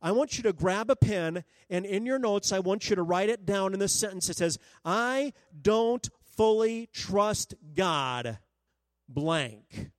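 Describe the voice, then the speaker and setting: Earnest high-voiced male preacher, dry sound. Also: expressive, slow pace, no echo. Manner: earnest, pleading, acts out prayers in a raised voice; stammers and restarts often. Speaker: pastor. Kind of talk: sermon. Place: church sanctuary.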